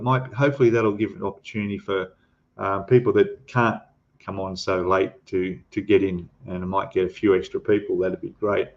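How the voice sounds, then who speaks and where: An Australian man hosts a laid-back livestream and wanders from one thought to the next. His voice sits a bit low, and he greets each viewer as "mate". The stream audio is dull and lo-fi. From Queensland, Australia. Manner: rambling, greets chatters warmly with "mate". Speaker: livestream host. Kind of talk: casual livestream chat. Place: home in Thailand.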